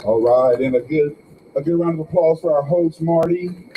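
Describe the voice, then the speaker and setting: An older man doing stand-up comedy, telling wry stories with quick asides in a small club. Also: a little high, noisy background. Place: small club with a live audience.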